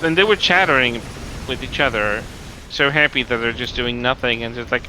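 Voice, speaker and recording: A man's voice: medium pitch, brisk, hardly any pauses, pushed and bright, slight background noise, rough recording. A man chatting casually while gaming, grumbling and restarting his words. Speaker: co-host gaming on stream.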